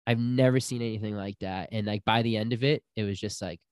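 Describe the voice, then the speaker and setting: A man's voice: fairly low pitch, quick pace, dry recording, clean studio sound. A young man telling a personal story in casual chat, acting out the people he quotes. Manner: animated storyteller, acts out quotes.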